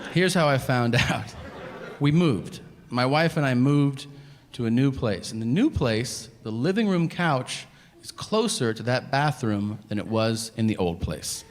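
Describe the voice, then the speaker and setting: A stand-up comedian in his thirties telling a profane story on stage, acting out both sides of a conversation. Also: medium pitch. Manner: animated, profane storytelling with acted-out dialogue. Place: comedy club stage before a laughing audience. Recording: reverberant venue with crowd noise.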